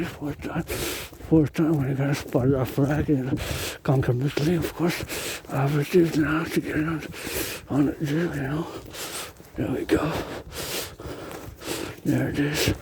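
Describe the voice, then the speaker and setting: A man walking outdoors through residential streets, rambling excitedly and chatting to the decorations he films on his phone. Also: a little high, normal speed, pauses often, noisy background. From Canada. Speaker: vlogger. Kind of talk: casual walking vlog.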